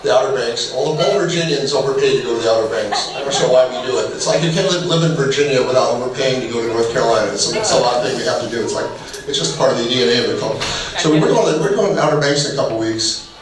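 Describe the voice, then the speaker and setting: A man's voice: medium pitch, fast, crowd noise. Middle-aged man speaking in an echoey hall. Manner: humorous, conversational, acts out little dialogues. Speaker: marriage workshop presenter. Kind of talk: casual workshop talk with personal stories. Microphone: distant room mic. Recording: echoey hall, far from mic, faint noise.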